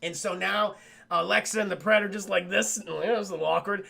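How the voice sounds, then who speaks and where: Young guy streamer ranting about a movie to chat, swears a lot, high raspy voice. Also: fast. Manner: excitable, swearing, laughs often. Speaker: film review streamer. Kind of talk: casual film recap talking to live chat.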